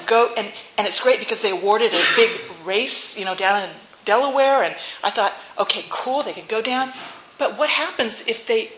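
A woman's voice: on the high side, a bit bright, reverberant, rough recording. A woman pastor preaching a sermon in a church, telling a story and asking rhetorical questions, and leading her congregation to repeat lines after her. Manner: leads congregation in call-and-response repetition. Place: church sanctuary.

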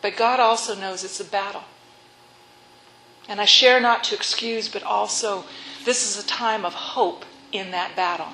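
A woman preacher telling stories in a sermon, earnest and soft-spoken, often dropping to a hush. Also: medium pitch, steady tone, unhurried, a little hiss or hum. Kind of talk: sermon storytelling. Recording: echoey room.

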